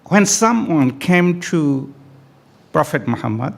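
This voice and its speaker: At a family day event in an event hall, a man gives an emphatic speech to the audience, repeating key phrases and stretching words for stress. His gravelly voice sits on the high side, swings widely in pitch, and moves slowly.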